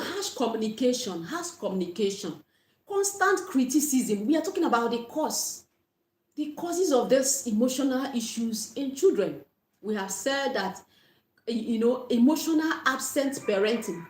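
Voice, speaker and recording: Woman parenting coach, livestream teacher, slightly high voice, earnest, echoey room sound. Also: darkish tone. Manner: earnest, repeats key points, blesses viewers.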